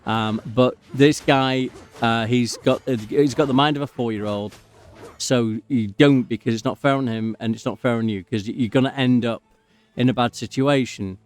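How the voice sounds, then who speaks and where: A man's voice: mid-range voice, steady tone, moderate pace, clean tone, faint music behind. A man rambling and drifting off topic while giving casual commentary as he plays a game. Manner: rambling, digressive, easily sidetracked. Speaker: gaming channel host.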